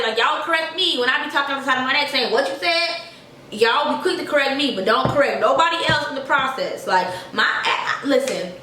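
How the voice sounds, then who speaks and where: Young woman, sassy storytime vlog, animated, bright voice, roomy echo, distant from mic, faint ambient noise. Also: on the high side. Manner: animated, sassy, talks straight to viewers. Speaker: vlogger. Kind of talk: casual storytime.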